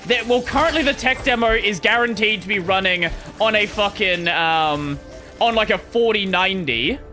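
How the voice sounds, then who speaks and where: A man's voice: high-pitched, normal speed, sharp tone, faint music behind. A man chatting casually while streaming a game, rambling and swearing as he plays. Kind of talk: casual gameplay livestream chat.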